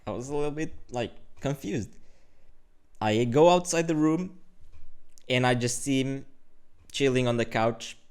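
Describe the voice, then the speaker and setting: Animated young man recapping a chess game. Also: medium pitch, unhurried, long pauses, smooth. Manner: animated storytelling, lots of fillers. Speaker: chess streamer. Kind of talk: casual game commentary.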